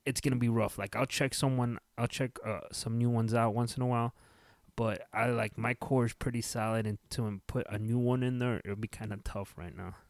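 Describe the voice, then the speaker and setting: A man's voice: medium pitch, steady tone, a little fast, creaky, no echo. A man co-hosting a podcast, talking loosely and jokingly, with casual swearing. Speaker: podcast co-host. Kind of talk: casual chat.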